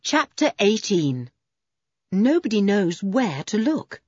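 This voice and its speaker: A woman narrating a children's audiobook with lively storytelling. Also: medium pitch, takes it slowly, slightly rough, no room sound. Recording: dull, dry recording.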